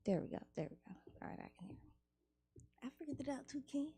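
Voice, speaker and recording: A woman hosting a radio show in a studio, chatting casually, laughing and reeling off plugs and shout-outs. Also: sits high, lively intonation, fast talker.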